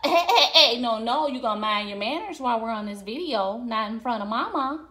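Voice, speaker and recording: A woman chats to her pet dog at home, half scolding and half coaxing. Her voice sits fairly high and swings widely in pitch, in a sing-song way. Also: expressive, fairly quick, sharp tone. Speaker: dog owner talking to her pet on camera. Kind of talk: casual talk to a pet. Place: at home by a window.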